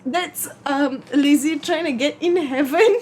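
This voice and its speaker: A woman's voice: high voice, a little slow, darkish tone, a little hiss or hum. A woman co-hosting a casual podcast, rambling and giggly. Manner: giggly, rambling, keeps breaking into laughter. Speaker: podcast co-host. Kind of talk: casual late-night chat.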